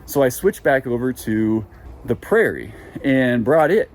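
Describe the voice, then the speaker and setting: A man's voice: medium pitch, animated, unhurried, a little mellow, a little hiss or hum. A man on a goat farm talking casually and playfully, chatting fondly to his goats outdoors in the pen. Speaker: goat farmer and vlogger. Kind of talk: casual chat with the animals.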